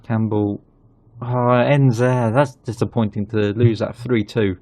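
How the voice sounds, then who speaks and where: Male gaming host, gravelly and mellow, dry close sound, chatty commentary. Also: medium pitch, measured pace, dry recording. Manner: chatty, excitable when goals go in. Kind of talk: casual game commentary.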